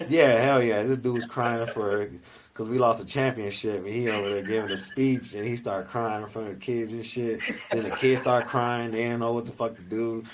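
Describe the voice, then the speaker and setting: A man's voice: mid-range voice, moderate pace, slight background noise, low-quality recording. A man co-hosting a podcast, telling stories casually and animatedly, swearing and acting out what people said. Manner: animated storyteller, profane, acts out quotes. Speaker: podcast co-host. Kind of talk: casual chat.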